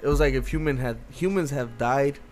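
A man chatting casually and telling stories in a relaxed, profane way, laughing often. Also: medium pitch, a little fast, faint music behind. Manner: laid-back storytelling, swearing, laughing. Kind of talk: casual chat.

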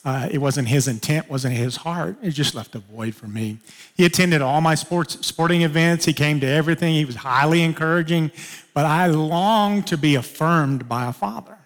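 A man's voice: normal speed, long reverb tail. A male pastor preaching a sermon, telling a personal story and acting out conversations. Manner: personal storytelling, acting out dialogue with sudden pitch jumps.

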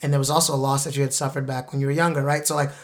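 A man's voice: mid-range voice, little pitch movement, rapid-fire. A male host asking probing, reflective questions in a casual interview.

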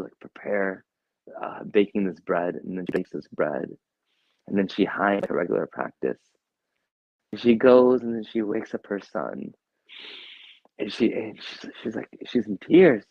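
A man teaching a religious lecture in a mosque, telling a story with animated quoted voices. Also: lowish voice, dry recording. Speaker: shaykh teaching a lecture series. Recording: dull, dry lo-fi sound.

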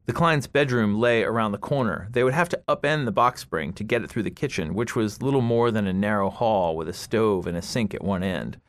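A man reading his own short story aloud in a measured, deliberate way. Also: fairly low pitch, no room sound. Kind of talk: literary reading.

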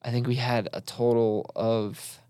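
A man's voice: mid-range voice, level tone, measured pace, mellow, clean tone, dry recording, studio quality. A young man co-hosting a college sports talk show, recapping games in a loose, casual way with lots of fillers. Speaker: college sports podcast co-host.

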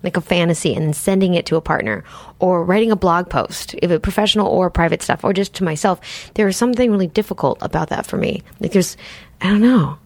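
A woman's voice: lowish voice, fast talker, no room sound. A woman hosting a podcast, chatting casually with a playful, self-mocking manner. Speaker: podcast host. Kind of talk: casual chat.

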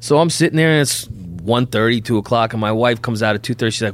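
A man's voice: medium pitch, fast, few pauses. A middle-aged bail bondsman tells his stories on a podcast. His voice sits in the ordinary middle range for a man. He acts out each character's dialogue with gusto. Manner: animated anecdote teller, acts out dialogue. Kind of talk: podcast storytelling.

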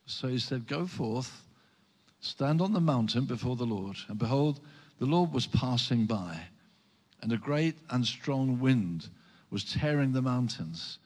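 A male pastor delivers a sermon with earnest, measured scripture reading and emphatic rises. His voice sits at an ordinary middle pitch. It carries a long reverb, as if filling a large hall.

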